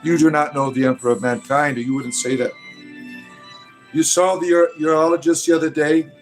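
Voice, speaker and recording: A man delivering a parody sermon in a fervent, booming preacher cadence with swooping emphasis, breaking into chuckling asides. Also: steady tone, brisk, soft background music. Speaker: preacher character host.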